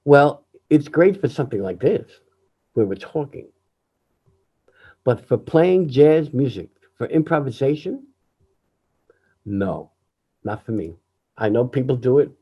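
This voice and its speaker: An older man, a jazz pianist, speaking candidly over a video call in an emotional, reflective way, often halting and restarting. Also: medium pitch, big pitch swings, breathy edge, muffled recording. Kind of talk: candid personal talk.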